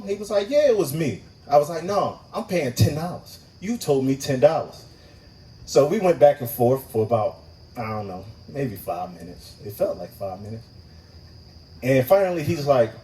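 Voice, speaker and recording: Man, stand-up comic, lively swooping delivery, mellow tone, profane storytelling, heard from a distance in a live room. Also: a little high, moderate pace. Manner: profane, animated, acts out voices in his story. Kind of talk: stand-up storytelling at an open mic. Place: live open mic venue.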